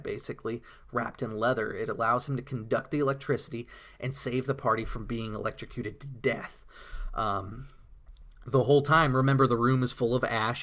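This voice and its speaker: A man's voice: medium pitch, a bit bright. A man giving a casual, rambling monologue about tabletop role-playing, with many fillers and enthusiastic storytelling. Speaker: tabletop RPG blogger.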